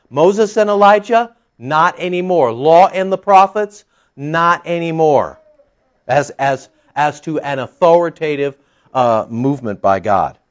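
A man preaching verse by verse, pressing his points with rhetorical questions and pointed retorts. His voice sits a little high for a man. The recording is dull and lo-fi. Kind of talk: expository Bible-teaching sermon.

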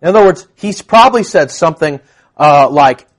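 A man's voice: on the high side, animated, moderate pace. A man preaching a conversational sermon to a congregation, teaching with frequent asides and questions. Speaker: pastor.

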